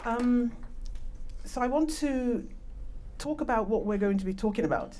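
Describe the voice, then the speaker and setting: A woman's voice: a little high, lively intonation, normal speed, very noisy. A woman with a British accent who was born in Nigeria gives an earnest conference talk. She speaks into a microphone in a conference room and makes chatty asides about it. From born in Nigeria, raised in Britain. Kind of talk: conference presentation. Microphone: handheld or clip-on microphone.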